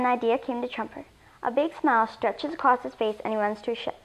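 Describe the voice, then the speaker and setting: A woman reading a children's story aloud in an expressive storytelling voice. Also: a little high, a little fast, rough recording. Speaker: story reader.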